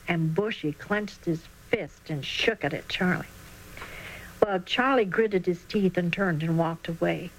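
A woman narrating a children's Christian storybook in an expressive reading voice. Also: lowish voice, unhurried, a little hiss or hum, rough recording.

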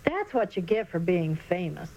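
A woman voicing a friendly, excited young boy in a children's storybook reading. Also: lowish voice, moderate pace, vocal fry, heavily acted, rough recording.

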